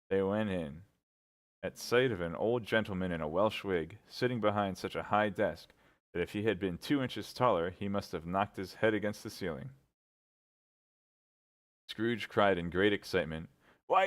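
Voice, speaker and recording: A man reading a classic novel aloud in a relaxed, amused, animated way. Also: lowish voice. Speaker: reader.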